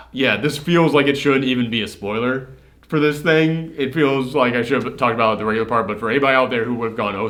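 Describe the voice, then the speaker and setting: A man hosting a casual movie reaction chat, animated, laughing and acting out scenes. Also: medium pitch. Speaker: host.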